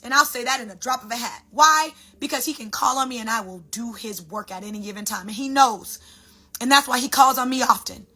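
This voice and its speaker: A woman talking as a sound healer, animated and preachy, giving a dramatic motivational spiritual talk. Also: high voice, brisk, breathy edge.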